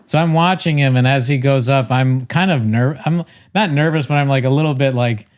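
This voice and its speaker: A man's voice: medium pitch, a little mellow. A young man co-hosting a podcast, telling a rambling, self-mocking story in casual chat. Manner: rambling, self-mocking, quick to laugh at himself. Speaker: podcast co-host.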